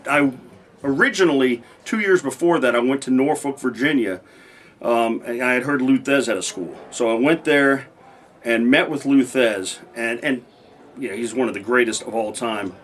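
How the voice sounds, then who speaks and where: A man's voice: mid-range voice, fairly bright tone, a little hiss or hum. A man telling stories in a casual interview, rambling with many restarts and acting out old conversations. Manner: rambling, many restarts, acts out quoted dialogue. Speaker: interview guest, former pro wrestler.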